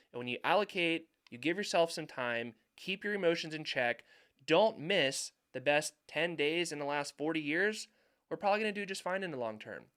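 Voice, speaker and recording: Male finance YouTuber, young adult, smooth clear voice pitched a bit high, emphatic commentary style. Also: fairly bright tone. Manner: emphatic, repeats points for stress. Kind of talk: market commentary over charts.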